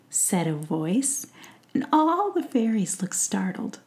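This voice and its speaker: A woman narrating a bedtime story in a hushed, soothing whisper. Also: medium pitch, sing-song, slow.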